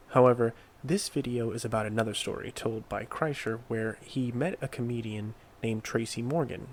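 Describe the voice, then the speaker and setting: A man narrates a commentary video at an unhurried, deliberate pace. His voice sits in an ordinary middle pitch, and he lays out his points with care. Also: a little hiss or hum. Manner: measured, deliberate.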